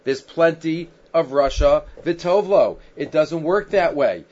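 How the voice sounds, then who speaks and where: A man's voice: on the high side, lively intonation, a little slow, darkish tone. A man teaching a Bible text to a class, reading Hebrew verses and then explaining them in a conversational way full of "right?". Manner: conversational, with fillers and frequent rhetorical "right?". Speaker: Torah teacher. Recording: dull, lo-fi sound.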